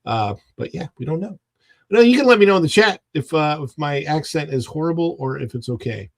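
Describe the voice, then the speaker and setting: Male livestream host, higher-pitched voice, casual and rambling, greets chatters by name. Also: lively intonation, fairly quick, dry recording. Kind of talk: casual live chat. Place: home.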